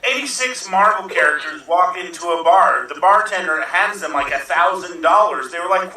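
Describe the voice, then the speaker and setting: A man telling improv jokes with a quick, wry delivery. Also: high voice, lively intonation, bright, forceful tone. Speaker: improv player. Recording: echoey room from far off.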